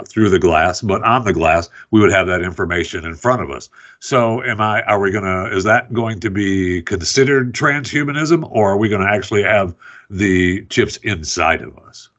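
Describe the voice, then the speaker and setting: Low-voiced rambling male radio host. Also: normal speed, fairly bright tone, muffled recording. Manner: rambling, many fillers and restarts. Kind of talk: casual interview chat.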